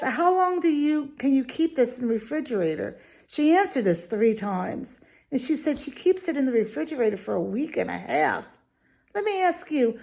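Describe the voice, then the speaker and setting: A woman's voice: fairly high pitch, a little mellow. A woman giving an opinionated video review, talking in an indignant, emphatic, ranting way. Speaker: dog food reviewer.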